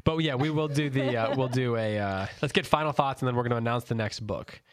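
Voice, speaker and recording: A man's voice: mid-range voice, fast, no room sound. Man co-hosting a dry, close-miked book chat. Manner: steers the talk, conversational, brief interjections. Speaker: podcast co-host leading the episode. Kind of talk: casual book-discussion chat.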